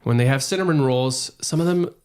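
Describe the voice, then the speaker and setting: A man in a casual podcast chat who rambles through his points with plenty of fillers. His voice sits at an everyday middle pitch, and he stretches out words about food. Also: fairly quick, a little mellow, smooth. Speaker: podcast co-host.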